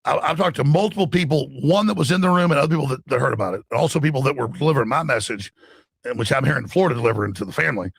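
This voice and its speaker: A middle-aged American man telling a story in an urgent, breathless rush, as a podcast guest, with a gravelly, husky voice. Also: medium pitch, racing, dry recording. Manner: urgent, breathless storytelling with shouted acted quotes. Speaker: radio host guest. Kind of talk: excited podcast guest talk.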